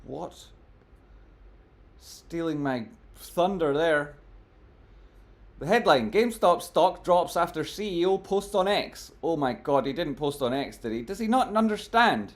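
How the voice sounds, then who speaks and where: A man doing live stream commentary on trading charts, talking to his chat in a jokey, theatrical way that swings between mock gloom and loud exclamations. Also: on the high side, expressive, unhurried. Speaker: stock market streamer.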